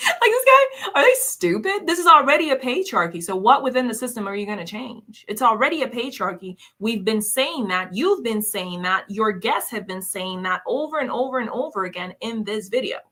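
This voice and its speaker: Lively, bright-voiced scornful woman host. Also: a little high, fairly quick. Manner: scornful, combative, repeats questions mockingly. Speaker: commentary host reacting to clips. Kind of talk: reaction commentary.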